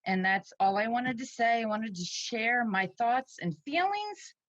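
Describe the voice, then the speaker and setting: A woman's voice: on the high side, animated, unhurried, a bit bright, no echo, highs cut off. A woman in her forties, a parent and teacher, crying as she gives an emotional public comment at a meeting. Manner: tearful, pleading, shaky.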